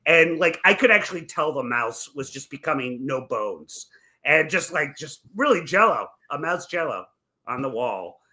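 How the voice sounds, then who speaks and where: Lively, high-voiced man telling stories. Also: moderate pace. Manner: animated, swearing storyteller who laughs through his tales. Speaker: podcast co-host. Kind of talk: casual comedic chat.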